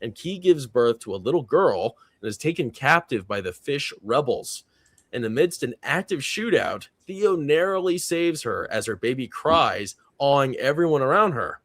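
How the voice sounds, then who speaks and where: A man's voice: mid-range voice, big pitch swings, moderate pace, a bit bright, no room sound. A man hosting a casual panel chat, rambling a bit, chuckling often and reading out viewer comments. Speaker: panel host.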